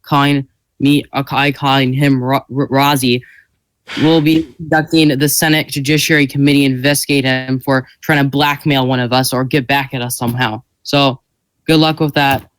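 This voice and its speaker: A man's voice: mid-range voice, flat delivery, moderate pace, a bit bright, clean tone, low-quality recording. A man playing a senator in a mock senate debate, argumentative, often laughing and tripping over his words. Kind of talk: role-played parliamentary debate.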